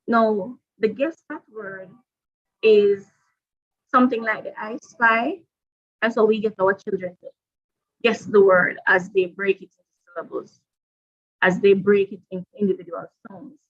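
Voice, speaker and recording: A woman presenting a professional development workshop to teachers, deliberate and repeating her key points. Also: medium pitch, fairly even intonation, lo-fi sound.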